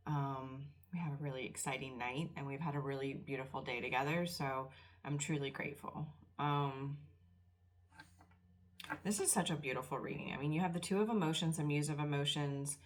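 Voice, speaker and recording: A middle-aged woman giving a casual tarot reading, emotional and close to tears, talking in a soft, rambling way. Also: sits low, steady tone, normal speed. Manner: emotional, tearful and soft-spoken. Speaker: tarot reader.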